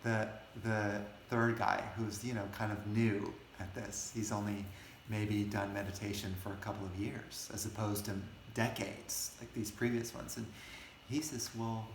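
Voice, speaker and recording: A man's voice: lowish voice, level tone, measured pace, echoey room, slight background noise. A man hosting, telling a story in a casual, rambling way with many restarts. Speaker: host.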